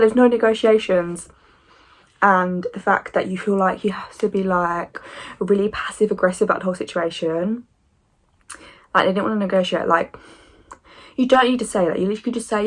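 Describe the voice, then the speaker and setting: Ranting young woman football vlogger. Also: mid-range voice. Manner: animated, opinionated, sarcastic ranting. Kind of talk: casual chat to camera.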